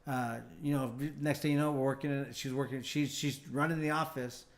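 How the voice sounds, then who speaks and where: A middle-aged man, once a fighter and now a bail bondsman, tells long stories as a guest in a casual interview. His mid-range voice is fairly even and brisk, and he rambles, restarting often and acting out what other people said.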